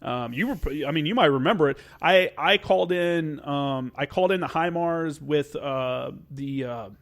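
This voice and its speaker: A man's voice: a little high, moderate pace. Rambling man, casual podcast guest. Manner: rambling, filler-heavy, loose. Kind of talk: casual chat.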